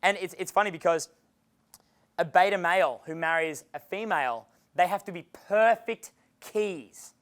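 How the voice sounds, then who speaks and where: A man's voice: sits high, normal speed, fairly bright tone, smooth. Brash man lecturing a seminar crowd. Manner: brash, profane, casual, chuckles often. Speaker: dating coach. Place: seminar room with a live audience.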